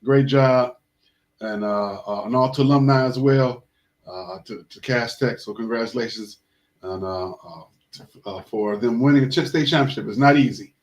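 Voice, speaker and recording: A man hosts a casual sports talk show in an ordinary mid-range voice. He rambles through shout-outs and congratulations and often restarts his sentences. He steers the talk to the topic of the week. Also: medium pitch, moderate pace. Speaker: host.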